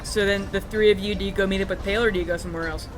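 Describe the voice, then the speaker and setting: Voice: medium pitch, fairly even intonation, very fast, over music. Loose, rambling tabletop game master. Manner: loose, filler-heavy narration.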